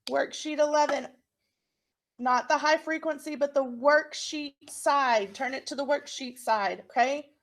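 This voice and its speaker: A woman teacher giving a recorded phonics lesson to young children, encouraging them and sounding out words slowly. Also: high-pitched, a little hiss or hum.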